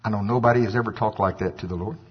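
A man preaching a sermon, animated and acting out scripture voices, with a husky voice. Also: on the low side, rapid-fire. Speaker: pastor. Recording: dull lo-fi with long hall reverb.

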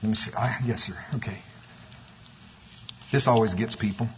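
A man preaching a sermon, animated and storytelling, with exclamations and asides. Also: lowish voice, moderate pace, slight background noise. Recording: echoey hall, dull sound.

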